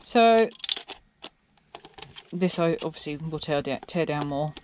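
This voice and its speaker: A woman's voice: low-pitched, lively intonation, slow, background noise. An English woman who makes scrapping videos, chatting in a rambling way as she tears down electronics and asks her viewers questions. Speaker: scrapping vlogger. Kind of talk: casual narration while tearing down electronics.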